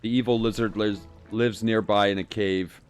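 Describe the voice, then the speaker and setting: Casting: low-voiced man voicing a petulant, spoiled female filth demon queen from a video game. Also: fairly even intonation, normal speed, clean tone, faint music behind, lightly acted. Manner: petulant, reading game dialogue aloud.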